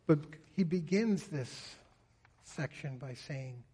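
A man's voice: high-pitched, animated, takes it slowly, darkish tone. A man preaching a sermon in an earnest way, often voicing a psalmist's pleas in prayer. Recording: reverberant hall.

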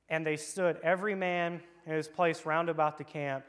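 A children's church leader reads scripture and jokes playfully through an interactive Bible lesson for the kids in a church room. His voice, on the high side, is clear, resonant and fairly bright, with fairly even intonation, a moderate pace and few pauses.

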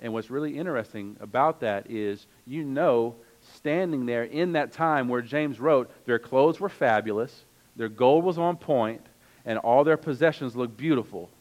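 A man's voice: mid-range voice, moderate pace, a little mellow, poor audio. A man preaching a sermon, earnest and conversational, reading scripture aloud and adding casual asides. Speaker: pastor.

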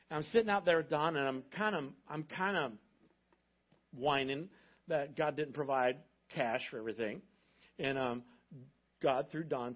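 A man's voice: medium pitch, lo-fi sound. A middle-aged man, a pastor telling stories in a sermon with joking asides to his church. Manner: conversational, joking asides to the congregation. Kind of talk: storytelling sermon. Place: church sanctuary.

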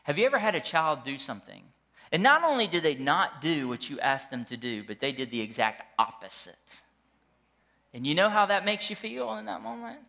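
A middle-aged male pastor preaching a sermon, animated and joking as he tells stories to his congregation. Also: a little high, moderate pace, creaky. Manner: animated, jokey storytelling with the congregation.

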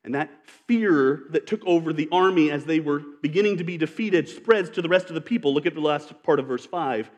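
High-voiced preacher in a reverberant hall. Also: male voice, a little fast, few pauses, darkish tone. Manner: earnest, emphatic, reads scripture aloud. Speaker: pastor. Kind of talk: sermon.

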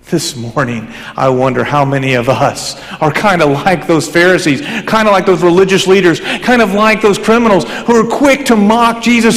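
A male pastor preaching a sermon, swinging between fervent raised emphasis and hushed, low passages. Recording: long hall reverb.

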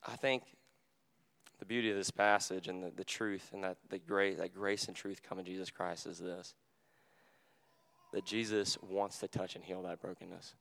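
A young man preaching a sermon in a conversational, animated way, full of fillers, and dropping to a hush for quoted words. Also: low voice, normal speed, gravelly. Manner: drops to a hushed voice when quoting Jesus.

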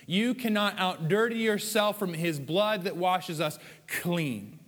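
A man's voice: a little high, animated, takes it slowly, a bit bright. Man preaching in a reverberant hall. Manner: conversational preaching with playful acted asides. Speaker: pastor. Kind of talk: sermon.

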